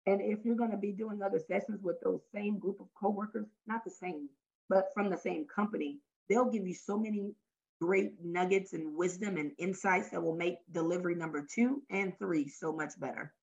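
A woman's voice: mid-range voice, normal speed, vocal fry, dull audio. A woman from Louisiana with a Southern US accent, telling stories in a casual interview as a workshop facilitator. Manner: lively storyteller, acts out her workshop lines. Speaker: guest, talent development facilitator.

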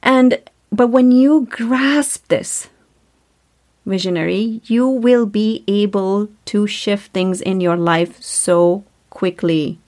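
A woman's voice: mid-range voice, darkish tone. A woman hosting a spiritual self-help podcast, talking earnestly and repeating herself, full of rhetorical questions. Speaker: podcast host.

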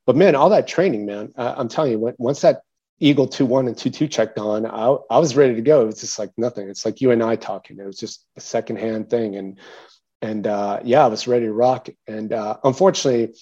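Guy telling an old war story in an interview, mellow voice, lots of "you know" and restarts, kinda dull lo-fi sound. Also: mid-range voice, fairly quick, husky. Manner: animated, many fillers and restarts, quotes others in a raised voice. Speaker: interview guest, military veteran. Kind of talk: casual storytelling.

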